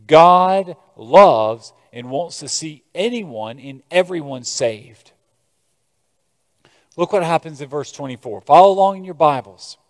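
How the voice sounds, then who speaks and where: An American man preaching a sermon as a pastor, moving between quiet scripture reading and loud, emphatic exhortation. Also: fairly high pitch, expressive, unhurried. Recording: long reverb of a large hall.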